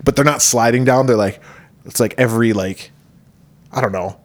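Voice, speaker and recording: Man, podcast co-host, casual movie recap, rambling, animated, swears a lot. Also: mid-range voice, moderate pace.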